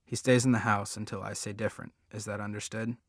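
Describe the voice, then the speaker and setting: A man's voice: fairly low pitch, level tone, fast talker, dry recording, studio quality. A man reading as a strict, protective mother. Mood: firm.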